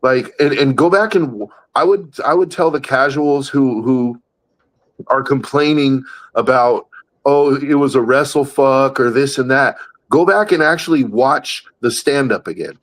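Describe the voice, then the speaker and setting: Man, podcast co-host, casual chat, blunt, profane, emphatic, mid-pitched. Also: unhurried, rough recording.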